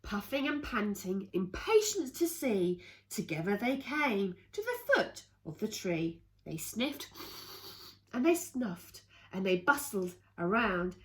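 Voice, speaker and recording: A woman reading a rhyming picture book aloud to children, in an expressive sing-song way with playful asides. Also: medium pitch, takes it slowly. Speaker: children's storyteller.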